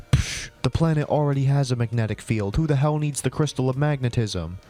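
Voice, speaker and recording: A man reads his own old story aloud for laughs, moving between flat, mid-pitched narration and the lines of each character. Every few sentences he stops to mock the writing with sarcastic, cringing outbursts. Faint music plays quietly under his voice. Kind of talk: comedic dramatic reading with commentary.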